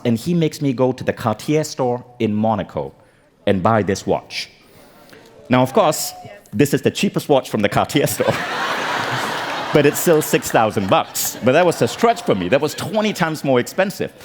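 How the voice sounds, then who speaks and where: A man from Malaysia giving a humorous motivational talk on stage, telling stories in an animated, joking way. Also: mid-range voice. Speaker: keynote speaker. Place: large event hall. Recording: stage talk with long hall reverb.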